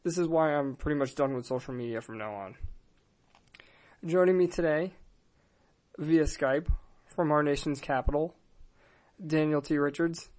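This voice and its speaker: A podcast host, a man whose voice sits a little high for his sex. He rambles sarcastically through his opinions in a loose, casual way. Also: moderate pace, pauses often, a little mellow. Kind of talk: casual comedic podcast chat.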